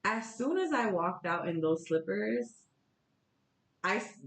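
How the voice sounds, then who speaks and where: A young woman from Florida, a podcast guest telling stories in casual chat, candid and animated, swearing now and then. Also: mid-range voice, slow, creaky. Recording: echoey room.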